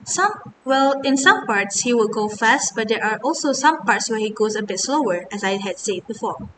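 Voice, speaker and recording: A young woman, earnestly reading out a class presentation as a student. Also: moderate pace. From Malaysia. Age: 20s. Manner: earnest, scripted, mostly reading. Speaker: university student. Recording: distant mic with steady rumble.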